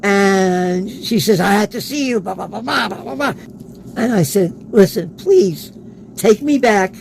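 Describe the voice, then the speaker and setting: A man's voice: sits high, measured pace, creaky, slight background noise, rough recording. A man, an interview guest, telling a personal story in a casual way and acting out the quoted dialogue. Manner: acts out quoted dialogue in his stories.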